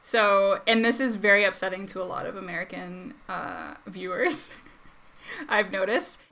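A woman's voice: mid-range voice, unhurried, gravelly, sharp tone, slight background noise. A woman speaking as a guest commentator in casual chat, chatty and full of fillers and laughs.

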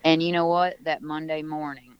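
A man's voice: on the high side, flat delivery, normal speed, clean tone, no room sound, highs cut off. A man at home on a video call, a musician telling stories in a casual, rambling interview with many restarts. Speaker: musician guest.

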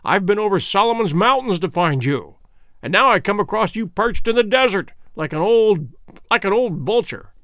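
A man voicing a hearty English gentleman adventurer with emphatic exclamations, in an audiobook reading. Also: sits high, expressive, moderate pace, dry recording, clean studio sound. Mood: emotional.

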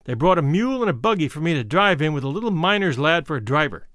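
Male audiobook narrator, high and animated, close dry sound, expressive memoir read. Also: fast, no echo. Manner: expressive storytelling reading, voicing quoted speakers. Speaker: audiobook reader.

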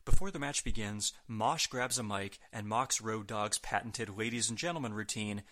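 A man's voice: lowish voice, bright, forceful tone. A man hosting a podcast, reading a scripted recap with wry, sarcastic asides. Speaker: podcast host. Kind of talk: scripted wrestling recap narration.

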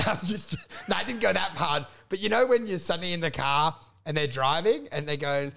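A man, a comedian telling sweary, animated stories in casual chat on a podcast. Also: a little high, a little fast, creaky, few pauses, slight background noise. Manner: animated storytelling, sweary, laughing.

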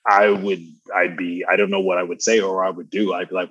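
A man with a baritone voice chatting as a podcast guest, slangy and laid-back, laughing often. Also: little pitch movement, normal speed, fairly bright tone, husky, no echo, low-quality recording. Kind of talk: casual conversational storytelling.

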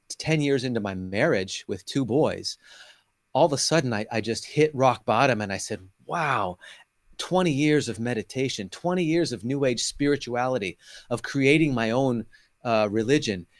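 A man's voice: medium pitch, no room sound, studio quality. Earnest middle-aged man telling his testimony. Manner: earnest, emotional storytelling, acting out past dialogue. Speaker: interview guest. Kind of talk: personal faith testimony.

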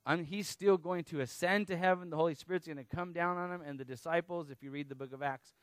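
A man preaching a sermon, teaching through a Bible passage in a conversational, animated way with casual asides. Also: a little high, fast, dry recording. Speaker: pastor.

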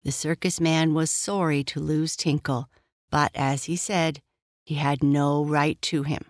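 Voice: medium pitch, little pitch movement, measured pace, dry recording. Dry, close bedtime-story narrator.

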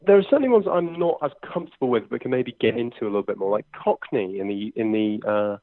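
Heard over a dry, tinny phone line with no room sound, a London-accented man in his twenties from England speaks in a mid-range voice. An impressionist and comedian, he's quick and chatty in a conversational interview, dropping in plenty of fillers.

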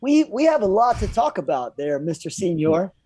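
A man's voice: sits high, sing-song, moderate pace, warm tone, dry recording. A man from Kentucky joining as a guest over a video call, joking playfully. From Kentucky, USA.

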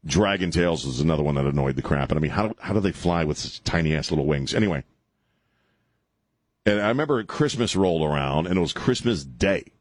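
A middle-aged man hosting a talk radio show, ranting sarcastically and slipping into mocking high voices. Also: animated, a little fast, no echo.

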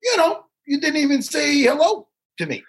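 A man's voice: very high-pitched, wildly swooping pitch, normal speed. A man co-hosting a casual podcast, rambling and teasing, with frequent swearing. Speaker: podcast co-host.

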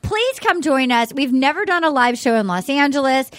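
A woman's voice: high voice, lively intonation, moderate pace, no room sound, clean studio sound. A woman co-hosting a podcast in casual chat, bubbly and rambling, often correcting herself mid-sentence. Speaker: podcast co-host. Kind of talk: casual chat, promoting a live show.

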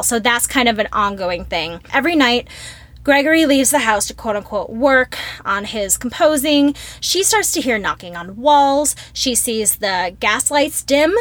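A woman's voice: fairly high pitch, normal speed, no echo. A woman co-hosting a podcast, retelling a film plot in casual chat and acting out the quotes. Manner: animated storyteller, acts out quotes. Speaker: podcast co-host.

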